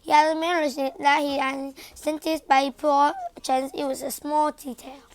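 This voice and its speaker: A woman with a Mandarin-speaking background reading a children's bedtime story aloud in English, halting at times with slips and restarts. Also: high-pitched, flat delivery.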